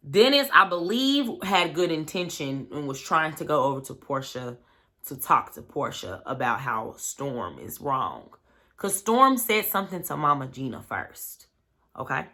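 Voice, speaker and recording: A woman's voice: low voice, sharp tone. A woman vlogger recapping a reality show in a loose, chatty way, full of "like" and "you know what I'm saying". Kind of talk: casual storytelling recap.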